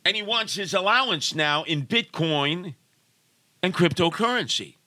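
A man's voice: high voice, animated, a little slow, pushed and bright, no echo. A middle-aged man, hosting a casual podcast with showy broadcaster patter. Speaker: podcast host, father. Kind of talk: casual radio-style chat.

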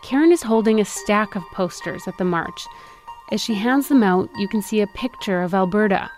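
A woman, an investigative reporter, narrating a documentary podcast in a measured, serious tone. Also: medium pitch, animated, a little mellow, soft background music.

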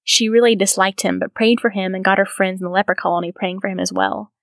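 A woman's voice: medium pitch, steady tone, fast talker, no echo. A woman hosting a podcast who reads from a biography aloud and adds earnest, reflective comments of her own. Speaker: podcast host.

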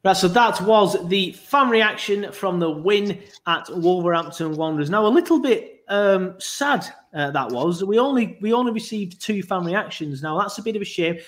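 A man's voice: high voice, lively intonation, normal speed, few pauses, a bit bright. A man hosting a casual football podcast, rambling with asides. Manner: rambling, full of ums and asides. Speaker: podcast host.

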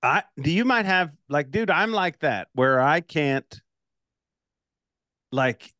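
A man's voice: on the high side, expressive, takes it slowly, pushed and bright, no room sound, studio quality. A man from Ireland hosting a podcast, telling stories casually with lots of laughter. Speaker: podcast host. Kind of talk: casual interview chat.

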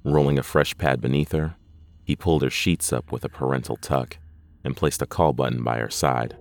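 A man narrating a horror story in a measured, deliberate scripted reading. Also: extremely low pitch, fairly even intonation, vocal fry, no room sound.

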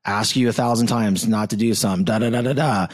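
A man in his thirties, from Florida, hosting a casual interview chat, blunt and excitable, swearing freely and calling his guest "dude". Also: lowish voice, fast talker. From Southwest Florida. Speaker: podcast host.

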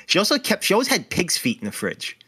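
A man co-hosting a podcast in loose, casual chat, jokey and prone to swearing. His voice sits a little high and sounds bright and forceful. His pitch swings widely as he gets animated. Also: brisk, breathy edge. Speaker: podcast co-host.

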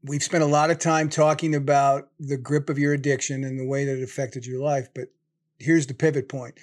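A man's voice: medium pitch, flat delivery, fairly quick. Man hosting, steering an interview. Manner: conversational, steering the talk. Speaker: podcast host. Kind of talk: interview questions.

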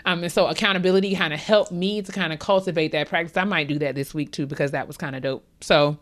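A woman co-hosts a podcast, dispensing candid, rambling advice in slangy, casual chat and laughing along the way. She speaks fast in a low-pitched voice with a steady tone.

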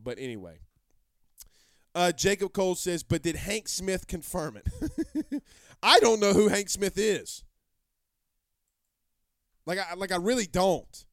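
A man's voice: sits high, fairly bright tone, clear, resonant tone, no echo, studio quality. A man hosting a live sports talk show, brash and rambling, repeating himself as he answers viewer comments.

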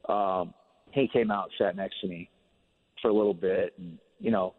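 A former ballplayer on a radio interview, telling a long story in a relaxed, rambling way full of fillers. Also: male voice, low voice, moderate pace, in a large hall. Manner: relaxed, rambling, many fillers like "you know". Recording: phone-line sound on radio.

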